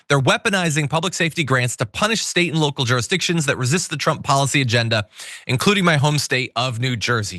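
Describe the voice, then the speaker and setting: Wry, lively male news commentator. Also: a little high, dry recording, studio quality. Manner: conversational, wry, opinionated. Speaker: political commentary host.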